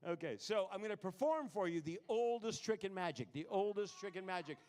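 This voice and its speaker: A man's voice: high-pitched, lively intonation, brisk, a little mellow. A man performing a comedy magic act on a live stage, full of puns and self-mocking jokes. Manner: punning, self-mocking, jokey.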